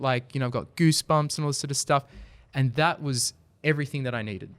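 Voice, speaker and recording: This podcast guest, a video company founder, has a mid-range voice and talks briskly with few pauses. The sound is smooth with no room noise. He tells stories earnestly in a casual interview and gets animated when making a point.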